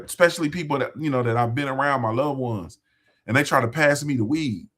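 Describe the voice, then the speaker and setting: Emphatic man with a husky voice. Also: medium pitch, moderate pace, fairly bright tone. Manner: conversational, emphatic, repeats phrases for emphasis. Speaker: host. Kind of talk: motivational talk to viewers.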